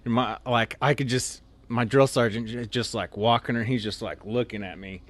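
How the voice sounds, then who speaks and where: A man's voice: mid-range voice, steady tone, moderate pace. A man telling funny stories in a casual, rambling way, full of "like" and "you know.". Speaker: storyteller guest. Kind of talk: casual anecdotal storytelling.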